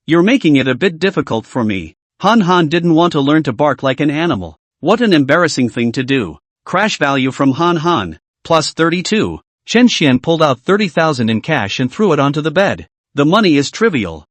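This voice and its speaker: A man's voice: a little high, dry recording. A man narrating a scripted comic story recap, reading every character's lines in his own voice. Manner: reads all dialogue in one lively voice.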